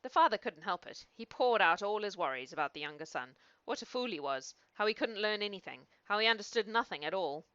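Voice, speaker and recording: Woman reading an old fairy tale, lively, dull lo-fi sound. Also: mid-range voice, brisk, hardly any pauses, no echo. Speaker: storyteller. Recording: dull, dry lo-fi recording.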